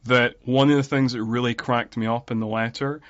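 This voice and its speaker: A man's voice: medium pitch, steady tone, fairly quick. A man hosting a podcast, talking about a film in a wry, laughing manner. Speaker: podcast host. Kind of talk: casual film discussion. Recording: dull lo-fi sound.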